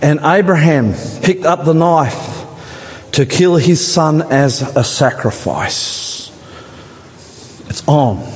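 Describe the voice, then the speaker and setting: A man preaching a dramatic sermon in a church, his voice rising higher and louder at the climaxes. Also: slight background noise. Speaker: pastor. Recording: church hall with long reverb.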